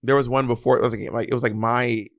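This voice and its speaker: Fast-talking teasing man, dry sound. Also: mid-range voice, steady tone, dry recording. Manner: teasing, quick banter. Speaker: podcast co-host. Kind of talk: casual chat.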